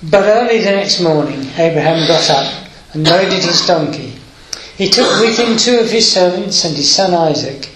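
A man's voice: high-pitched, lively intonation, roomy sound, background noise. A man preaching a sermon, reading scripture aloud and explaining it with hesitant fillers, moved by the story. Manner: unhurried, emotional, with hesitant fillers.

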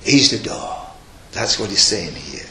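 A man's voice: fairly low pitch, very animated, a little slow, bright, forceful tone, roomy sound. An older man preaching a sermon, earnest and emphatic, mixing scripture with personal stories.

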